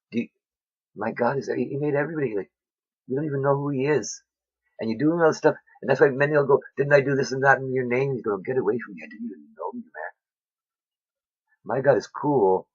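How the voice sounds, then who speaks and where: A man giving a rambling, excitable monologue about his faith, talking straight to his viewers. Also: lowish voice, slightly rough. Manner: rambling, excitable, many fillers. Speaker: vlogger. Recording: dull lo-fi recording.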